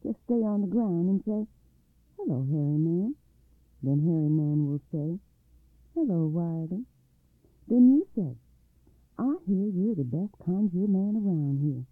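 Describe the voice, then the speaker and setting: A man voicing a wise, protective mother giving steady instructions. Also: high voice, unhurried, long pauses, husky, no room sound, full character voice. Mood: instructing. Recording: dry tinny phone-like line.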